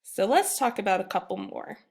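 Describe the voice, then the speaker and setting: A woman's voice: mid-range voice, sing-song, a little fast, gravelly. A young woman teacher giving an upbeat, emphatic recorded grammar lesson to her class. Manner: upbeat, emphatic classroom delivery, reads examples aloud.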